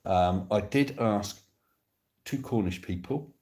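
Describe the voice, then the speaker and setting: A man's voice: fairly low pitch, takes it slowly, mellow. Chatty, playful man from Devon. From Devon, England. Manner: chatty and playful, jokey asides to viewers. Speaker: live streamer. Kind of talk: casual live stream chat, reading comments aloud. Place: indoors on a sofa. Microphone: phone.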